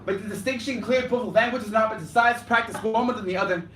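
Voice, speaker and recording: A young slam poet performs live in an indoor cafe, switching between Spanish and English in rhythmic spoken word. His voice is high, brisk, and fairly bright. A distant room mic captures the echoey space, with slight background noise.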